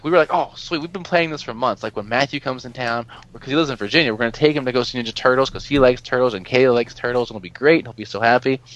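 A man telling a story in casual chat, animated and exasperated, swearing freely and laughing often as he talks. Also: mid-range voice, no room sound, highs cut off. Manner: laughs often while talking. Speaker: podcast co-host telling a story.

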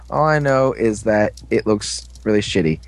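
A man's voice: lowish voice, lively intonation, slow, dry recording, low-quality recording. A young man casually recapping a TV episode, rambling, joking and losing his place.

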